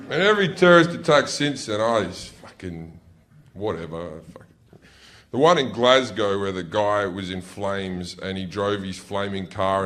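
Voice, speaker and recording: On a comedy club stage, a middle-aged man does stand-up that's brash and profane, breaking into sudden shouts. His voice is low-pitched, with slight background noise.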